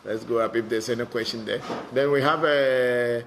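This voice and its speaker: A man with a gravelly, mid-pitched voice hosts a live online Q&A, answering viewer questions as a spiritual teacher. He speaks bluntly and directly, often repeating words as he searches for the next thought, with a faint hiss of noise behind him. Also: steady tone, moderate pace.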